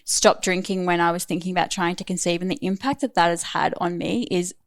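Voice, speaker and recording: A woman around thirty speaks as a podcast guest, candid and chatty, with plenty of "like" and "um" woven through her sentences. Her voice sits a little low for a woman. The recording is dry and close, with no room sound. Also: fairly even intonation, a little fast, creaky, dry recording. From Australia. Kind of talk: casual interview chat.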